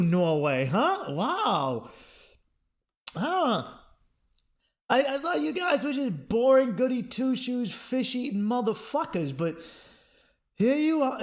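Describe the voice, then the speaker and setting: A man's voice: extremely high pitch, sing-song, takes it slowly, a bit bright. A man hosting a comedy podcast, riffing through a profane monologue and laughing at his own jokes.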